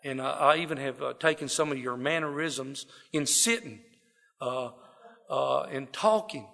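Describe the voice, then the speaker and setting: Gravelly Texas man telling his story. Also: medium pitch, a little slow. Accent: Southern US, Texas. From South Texas. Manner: folksy, self-deprecating, animated storytelling with quoted voices. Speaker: speaker sharing his recovery story. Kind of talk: personal storytelling talk. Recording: long hall reverb.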